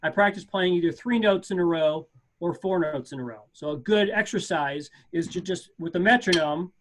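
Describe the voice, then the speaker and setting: A man's voice: sits high, moderate pace, noisy background. A man teaching an advanced percussion class over a video call, casual and encouraging, often stopping to correct himself. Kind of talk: online music lesson. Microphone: video call mic.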